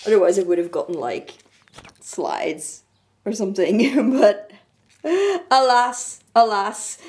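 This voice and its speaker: A woman vlogger chatting casually to her camera, playful and chatty, laughing often and sighing for effect. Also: mid-range voice. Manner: chatty and playful, with frequent laughs and dramatic sighs. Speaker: craft vlogger. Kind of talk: casual vlog chat to camera.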